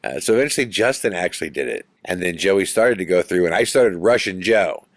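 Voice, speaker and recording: A man hosting a podcast, telling a ghost story in an animated way that builds suspense. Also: low voice, fairly quick, no room sound. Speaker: podcast host.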